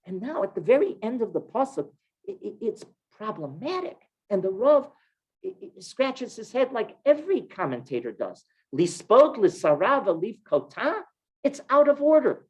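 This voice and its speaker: Animated man teaching a Torah class. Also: high-pitched, normal speed, poor audio. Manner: animated, emphatic, rhetorical questions.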